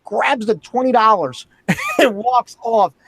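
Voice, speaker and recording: A man's voice: very high voice, huge pitch swings, takes it slowly, fairly bright tone, slightly rough, dry recording. A man hosting a casual talk show, telling a story with lots of animation. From Philadelphia area. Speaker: host. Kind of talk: casual chat.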